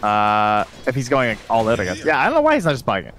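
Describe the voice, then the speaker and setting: A man's voice: mid-range voice, huge pitch swings, quick pace, a bit bright, soft background music. A man giving casual, joking color commentary on a live esports match, with loose banter and swearing.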